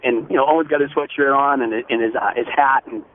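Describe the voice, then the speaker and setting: Fast-talking dad on a phone line. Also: male voice, medium pitch. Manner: rushed, earnest, restarts mid-sentence. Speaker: phone-in guest. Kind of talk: eager storytelling. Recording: tinny phone line with faint noise.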